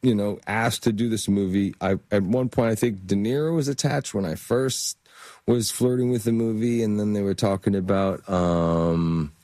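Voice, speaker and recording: Man, actor guest, low voice, rambling storyteller, dry close sound. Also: fairly even intonation, moderate pace, warm tone, dry recording. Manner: rambling, many fillers and restarts. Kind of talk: casual interview storytelling.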